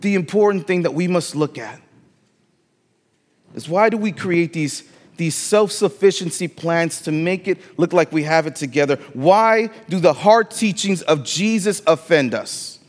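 A man's voice: fairly high pitch, unhurried, big-room sound. A man with a Latino accent preaching a sermon as pastor, emphatic and repeating phrases for weight in a church sanctuary.

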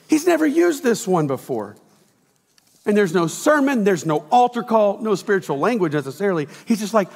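Animated middle-aged pastor in a church hall. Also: male voice, high voice, brisk, creaky, husky. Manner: animated and conversational, acting out quotes, sometimes shouting. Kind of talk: sermon. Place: church auditorium.

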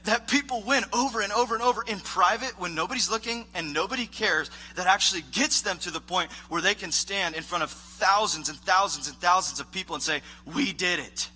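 A man's voice: sits high, brisk, hardly any pauses, husky, faint music behind, poor audio. A man pastor preaching a conversational sermon in a church, rambling and self-deprecating with lots of filler words. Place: church stage. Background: live worship band playing softly.

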